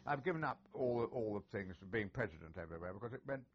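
A man's voice: fairly low pitch, expressive, fast, breathy edge. An older man, a retired army officer reminiscing in an oral history interview, chatty and genial with many filler sounds. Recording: dull lo-fi recording.

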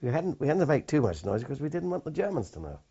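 An older man, a war veteran, recalling his experiences in a plain, halting way with many restarts. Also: a little high, very animated, mellow, slightly rough. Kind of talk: oral history recollection. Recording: dull lo-fi recording.

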